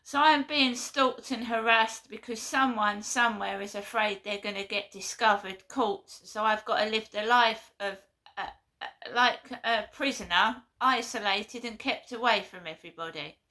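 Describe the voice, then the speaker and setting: Woman vlogger, fairly high and bright, earnest and insistent. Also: normal speed. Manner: blunt, earnest, repeats herself. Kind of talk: impassioned monologue.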